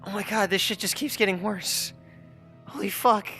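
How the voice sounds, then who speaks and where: A man with a high, bright voice chats with his viewers while he streams a game. He swears freely and slides into exasperated, high shouting rants. Faint game music plays behind him. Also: normal speed. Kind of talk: casual gameplay stream chat.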